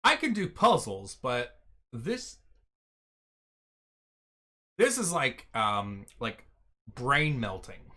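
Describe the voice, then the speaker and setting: A man's voice: medium pitch, wildly swooping pitch, drawn-out words, long pauses, pushed and bright. A man streaming a puzzle game, giving flustered, self-mocking commentary and laughing often. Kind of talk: casual gameplay commentary.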